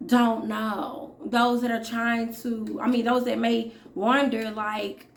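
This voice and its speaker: A woman in her thirties speaking casually to her viewers as a vlogger, chatty and direct, with many pauses and fillers. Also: a little high, flat delivery. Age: 30s. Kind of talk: casual talk to camera.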